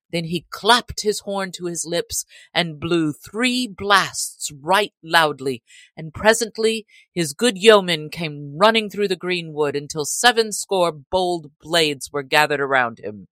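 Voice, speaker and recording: A woman narrating an old adventure story in a measured, even storytelling manner. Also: on the low side, no room sound. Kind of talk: storybook reading.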